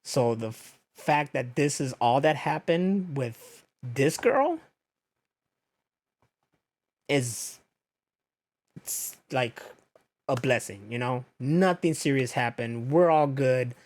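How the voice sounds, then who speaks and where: A man's voice: mid-range voice, takes it slowly. A young man hosting a podcast, ranting casually with lots of swearing and acting out what other people said. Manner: animated, profane, acts out others' lines. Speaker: podcast host. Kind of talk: casual storytelling rant.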